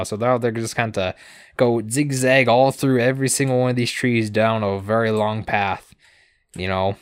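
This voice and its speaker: A man co-hosting a podcast, recapping episodes in casual chat with sarcastic asides, casual swearing and quick put-on character lines. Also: on the low side, fairly even intonation, clean tone, no echo.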